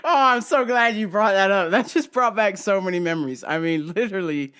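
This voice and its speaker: A woman's voice: medium pitch, brisk, smooth. A woman hosting a casual show, telling crude comedic stories with lots of laughter. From African. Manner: crude, laughing, animated storyteller. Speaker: podcast host.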